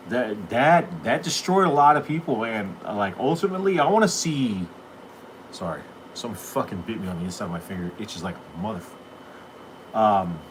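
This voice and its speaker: A man's voice: medium pitch, fairly bright tone, slight background noise. A middle-aged man hosting a live show, talking casually in a profane, rambling, heated way. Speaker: podcast host. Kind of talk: casual live-stream chat.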